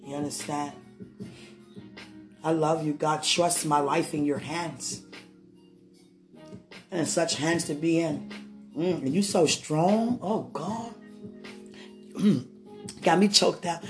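A woman's voice: low-pitched, slow pace, long pauses, faint music behind. A woman talking straight to someone she loves in a rambling, affectionate monologue, often checking with "you understand?". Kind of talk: emotional monologue to a loved one. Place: sitting on a bed indoors.

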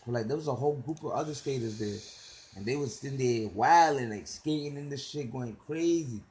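A man's voice: medium pitch, fairly quick, darkish tone, poor audio. A young man with a New York accent, co-hosting a casual podcast and telling a story in loose, profane street slang. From the Bronx, New York. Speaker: podcast co-host.

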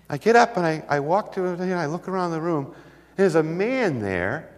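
A man preaching a sermon, telling stories with lively delivery and acting out the voices of the people in them. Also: fairly high pitch, fairly quick. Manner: animated storytelling, acts out voices. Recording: long hall reverb.

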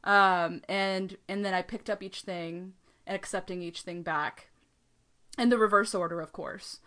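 A woman co-hosting a podcast in casual chat, telling a story with lively quoted voices, frequent laughter and swearing. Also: mid-range voice, unhurried. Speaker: podcast co-host.

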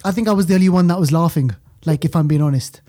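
A man co-hosting a film podcast, animated and laughing often as he talks. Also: on the high side, fast talker. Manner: animated, laughs often, stumbles over words. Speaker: podcast co-host. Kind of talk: casual chat.

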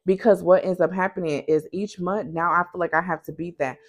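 A woman with a somewhat low voice speaks frankly to her listeners as a small business owner and podcast host. Her delivery is conversational and direct, like an open motivational chat. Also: fairly even intonation, fairly quick, few pauses. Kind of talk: candid motivational talk.

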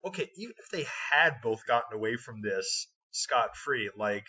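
A man's voice: mid-range voice, expressive, moderate pace, sharp tone, slightly rough, far from the mic. A man co-hosting a podcast, talking through a film in a thoughtful, reflective way. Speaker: podcast co-host. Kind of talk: casual film discussion. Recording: dull lo-fi audio from off mic.

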